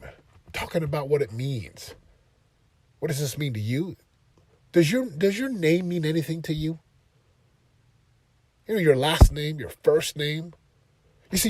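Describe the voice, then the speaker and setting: A man's voice: a little high, darkish tone, husky, no echo. A man hosting a motivational parenting talk, passionate and emphatic, pressing his points home with force. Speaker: podcast host and parenting speaker.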